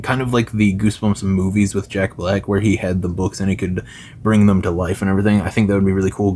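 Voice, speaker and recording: Dude with a lowish voice rambling excitedly about games, lots of "like" and "dude", faint rumble behind. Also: male voice. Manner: loose and enthusiastic, full of fillers and slang. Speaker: gaming YouTuber. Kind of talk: casual rambling commentary.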